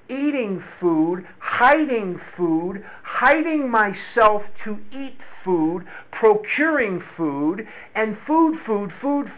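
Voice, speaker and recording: A man sharing a candid personal story of recovery, slow and reflective, often repeating his words. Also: high voice. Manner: candid and confessional. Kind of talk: personal testimony to a group. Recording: tinny phone-like recording.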